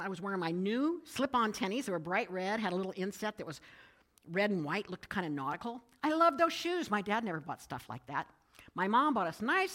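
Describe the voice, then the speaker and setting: A middle-aged woman giving a talk to a group, moving from calm advice into lively personal storytelling. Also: medium pitch. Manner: lively storytelling, rising with excitement in anecdotes.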